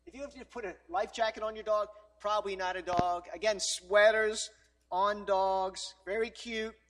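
High-voiced joking male preacher. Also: fairly bright tone. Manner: conversational and joking, with frequent 'all right?' tags. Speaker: pastor. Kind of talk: sermon.

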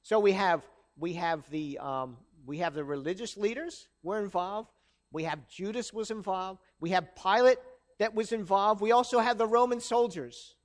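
A man's voice: high-pitched, moderate pace. A man preaching a sermon in a conversational way, acting out the quoted lines of the people he talks about.

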